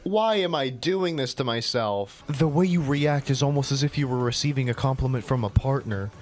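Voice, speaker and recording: A man's voice: mid-range voice, moderate pace. A man giving a comedic reading of his own old story, voicing every character in turn and breaking off with sarcastic, cringing asides. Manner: sarcastic, cringing outbursts between flat reading. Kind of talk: comedic dramatic reading with commentary.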